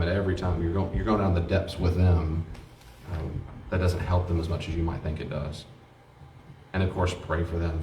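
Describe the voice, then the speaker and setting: Deep-voiced guy teaching a grief class, earnest, acts out little scenes, echoey room, mic far away. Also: a little mellow, a little hiss or hum. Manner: earnest, acts out short exchanges. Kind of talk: classroom lecture with role-play examples.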